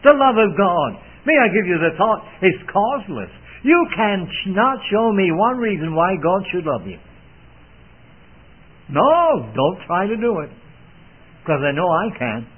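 Guy preaching, earnest old-style sermon, lively rising voice, tinny phone-like sound. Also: sits high, measured pace, slightly rough. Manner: old-fashioned, earnest, swells and drops in emphasis.

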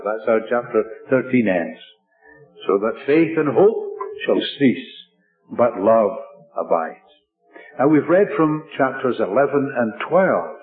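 A man preaching a sermon in a measured, emphatic way, stressing his points through repetition. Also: mid-range voice. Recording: tinny lo-fi radio broadcast with faint music.

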